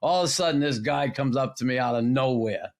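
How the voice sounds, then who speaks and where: A man's voice: medium pitch, a little fast. An older man hosting a podcast, telling profane anecdotes in casual chat and laughing as he goes. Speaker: podcast host.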